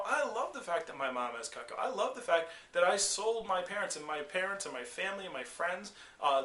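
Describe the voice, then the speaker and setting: Man, sales trainer, bright forceful voice, fairly high pitch, roomy echo, keeps checking in with listeners. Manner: energetic, repetitive, frequent "okay?" and "all right?" check-ins; acts out customer and doctor voices. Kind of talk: motivational sales talk.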